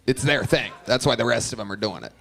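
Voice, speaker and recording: A man's voice: medium pitch, animated, fast talker, creaky, fairly bright tone. A male comedy show host roasting a comic on stage, brash, profane and mocking. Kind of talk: roast-style comedy interview.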